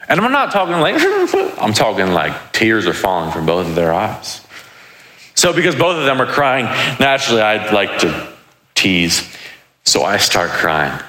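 Young male preacher, casual and joking, bright forceful tone, lowish voice, echoey hall. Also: vocal fry. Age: 20s. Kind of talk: sermon with personal stories.

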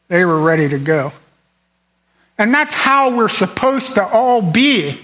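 Male preacher, slow deliberate sermon delivery, bright tone, emphatic repetition. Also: sits high, big pitch swings, rough recording. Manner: earnest, emphatic, repeats phrases for stress.

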